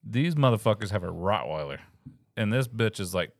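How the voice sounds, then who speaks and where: A male podcast co-host and police officer, telling profane, animated stories in casual chat. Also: on the low side, moderate pace, no room sound, clean studio sound. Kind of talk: casual storytelling over drinks.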